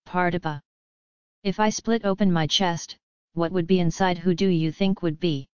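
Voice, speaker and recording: A woman's voice: on the low side, fairly even intonation, normal speed, a little mellow, clear, resonant tone, no echo, dull audio, close to an everyday voice. A woman reading the part of a brooding young male prince in an audiobook, in an impassioned, bitter manner. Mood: anguished.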